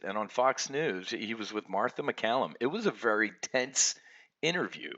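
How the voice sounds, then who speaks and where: A man's voice: mid-range voice, animated, moderate pace, sharp tone, highs cut off. A man hosting a trading show, ranting angrily with many restarts and stammers, from his home office. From United States. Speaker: options trading show host. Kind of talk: ranting market commentary.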